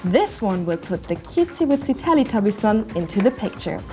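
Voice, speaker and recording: A woman's voice: medium pitch, very animated, fairly quick, mellow, soft background music. A woman presenting a video game TV show in a wry, teasing manner. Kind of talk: scripted presenting with jokes. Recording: dull TV audio.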